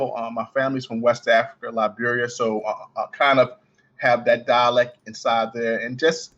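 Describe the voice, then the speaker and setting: A man with a Baltimore accent talks quickly in a casual podcast interview, now and then stuttering or restarting a phrase. His voice sits at a middling pitch, and the recording sounds a little dull and lo-fi. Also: fairly bright tone. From Baltimore, United States. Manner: fast-talking, with some stutters and restarts. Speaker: guest, coin ring artist.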